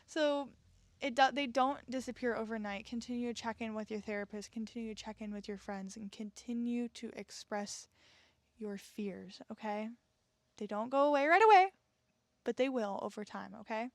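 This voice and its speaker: A young woman with a slightly high voice hosts a solo podcast and talks straight to her listeners. Her delivery is earnest and reassuring, loose and chatty, and she keeps checking in with a soft "okay?". The sound is dry and close, with no room around her. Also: normal speed, dry recording. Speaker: podcast host.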